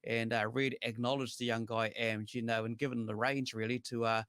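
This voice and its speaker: A man's voice: mid-range voice, a little fast, clean tone, no room sound, studio quality. Chatty New Zealand man hosting a show. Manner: chatty, relaxed, thanks viewers by name, heavy on fillers. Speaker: show host. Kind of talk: casual podcast chat.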